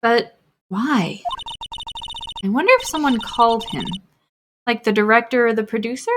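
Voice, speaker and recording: A woman voicing an eager, curious young female sidekick, asking lively questions. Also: a little high, moderate pace, background noise, voice pushed up, lightly acted.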